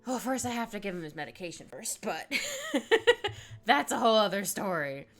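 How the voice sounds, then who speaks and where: Female streamer, casual drawing-stream chatter, bright forward tone, faint background music. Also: mid-range voice, animated, normal speed. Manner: chatty, reads chat aloud, laughs often, trails off while drawing. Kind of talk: casual live-stream chat while drawing.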